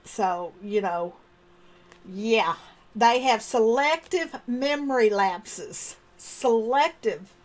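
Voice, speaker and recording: A high-pitched woman recounts a personal story in a monologue. Her delivery is animated and expressive, and she slips into the voices of the people she remembers. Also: extremely slow. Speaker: storyteller sharing personal experience.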